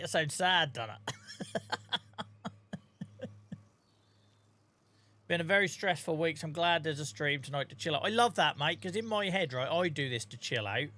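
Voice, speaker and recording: Streamer, male, Norfolk accent, sharp bright voice, tired, casual and sweary with viewers. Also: on the high side. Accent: Norfolk English. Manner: chatty, swears freely, greets viewers by name. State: tired and sore. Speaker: game streamer. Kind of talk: casual live-stream chat while playing.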